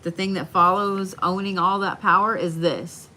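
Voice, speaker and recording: A woman giving a live tarot card reading from home, speaking slowly and soothingly and repeating her reassurances. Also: fairly low pitch, fairly even intonation, bright, forceful tone, a little hiss or hum. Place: home, indoors.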